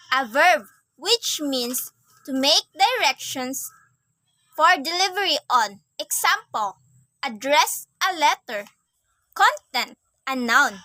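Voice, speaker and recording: A young woman reads a class assignment aloud in a careful, measured recitation. Her voice is high and bright, with a slightly sharp edge. The recording is dry and close, with no room sound. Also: no room sound, low-quality recording. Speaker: student.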